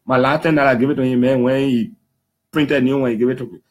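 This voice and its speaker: A man in his thirties with a Liberian English accent, telling stories to a public audience in an emphatic, lively way. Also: mid-range voice, quick pace. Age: 30s. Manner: lively, emphatic, slips into quoting others in put-on voices. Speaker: human rights defender speaking to the public. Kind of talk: animated storytelling talk.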